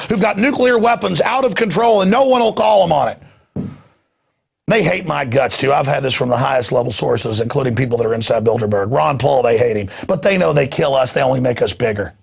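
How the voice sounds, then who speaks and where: A male talk show host delivering an angry, rapid, mocking rant with shouted bursts. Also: high-pitched, gravelly, breathy edge. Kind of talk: ranting commentary.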